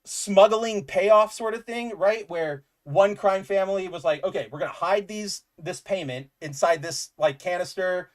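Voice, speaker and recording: Excitable man rambling about comics. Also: high voice, normal speed, few pauses. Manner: enthusiastic, rambling, says "like" often. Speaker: podcast co-host. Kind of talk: casual chat reviewing comics.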